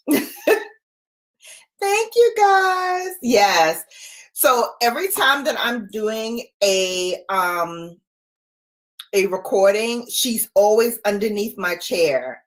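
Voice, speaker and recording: Chatty, animated middle-aged woman. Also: mid-range voice, drawn-out words, pauses often. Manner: chatty, laughs often, reads out viewer comments. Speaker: livestream host. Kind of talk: casual livestream chat.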